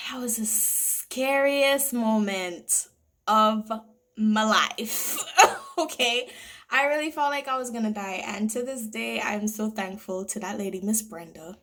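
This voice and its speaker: A young woman chats through a casual storytime, her voice sitting high and sounding crisp and bright. She tells it with drama, often breaking into laughter along the way. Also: slow. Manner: animated, dramatic retelling with laughs. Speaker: vlogger.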